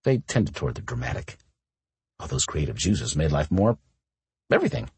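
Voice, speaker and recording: A man narrating a romance audiobook with an expressive reading. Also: extremely low pitch, normal speed, pauses often, husky, no room sound.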